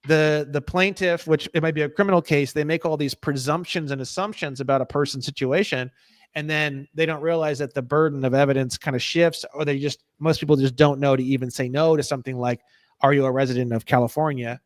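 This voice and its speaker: A man in a casual interview, talking in an animated, profane, ranting way. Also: fairly high pitch, fairly quick, no echo. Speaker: guest.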